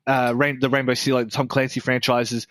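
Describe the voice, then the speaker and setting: An Australian man with an ordinary, mid-pitched voice rambles through a casual podcast chat, cursing freely and restarting his sentences. The recording is dry and close, with no room sound around him. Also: flat delivery, fairly bright tone, no room sound. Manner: blunt, swearing, fast rambling with many restarts. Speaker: podcast co-host.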